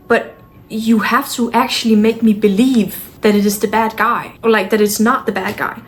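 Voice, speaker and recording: Speaking to camera from home, this book vlogger vents her frustration bluntly, swearing and sighing in exasperation. She has a steady voice on the high side and keeps a moderate pace.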